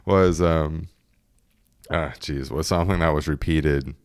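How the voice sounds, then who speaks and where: A man's voice: very deep voice, takes it slowly, darkish tone, clean tone, dry recording, clean studio sound. A young man in his twenties casually telling a story, laughing often and acting out what his friends said.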